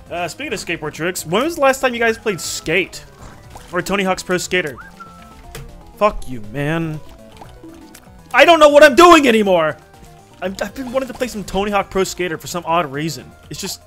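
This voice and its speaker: A man's voice: sits high, a bit bright. A man casually commentating his gameplay for viewers, swearing freely, laughing often and chatting with his audience. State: recently woken up. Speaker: gaming video creator.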